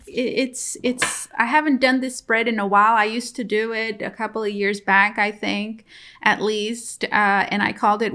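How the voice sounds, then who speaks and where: A woman's voice: fairly high pitch, a bit bright. Chatty woman giving a tarot reading. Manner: chatty and repetitive, addresses viewers directly. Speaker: tarot reader. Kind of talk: casual tarot reading to camera.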